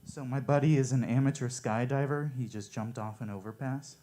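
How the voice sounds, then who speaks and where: A man performing stand-up one-liners at a coffee shop open mic, with a deadpan, offhand delivery. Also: medium pitch, fairly quick, a little hiss or hum.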